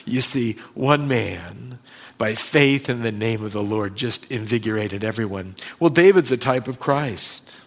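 A man preaching a sermon as pastor, emphatic and deliberate, acting out Bible scenes with dramatic pauses. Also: medium pitch, creaky. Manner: emphatic, acts out Bible scenes in changing voices.

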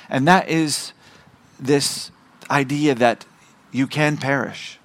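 A middle-aged man, a visiting missionary, preaching a sermon and slowing down to stress key words. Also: medium pitch, expressive. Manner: emphatic, slowing and rising on key phrases.

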